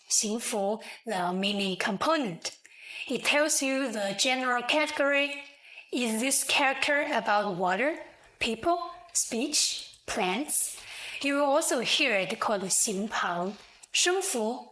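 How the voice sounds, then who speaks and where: A woman narrating a scripted language lesson, explaining slowly, clearly and deliberately. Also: fairly high pitch, fairly bright tone, rough recording. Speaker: language teacher.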